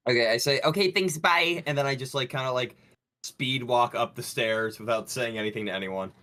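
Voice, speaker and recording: A man's voice: medium pitch, level tone, a little fast, a bit bright. Casual male tabletop player. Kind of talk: tabletop game role-play.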